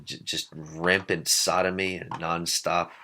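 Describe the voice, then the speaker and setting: A man with a very low voice co-hosts a podcast. He rambles in a casual way and slips sarcastic jokes into his asides. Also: little pitch movement, unhurried, sharp tone. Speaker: podcast co-host.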